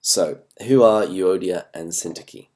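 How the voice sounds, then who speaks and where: A very low-pitched man with an English accent teaches scripture from his home. His voice is dark and mellow but still worn from a recent illness. He speaks in a measured, earnest way and slows down to stress key words. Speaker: host and Bible teacher. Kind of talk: Bible study talk.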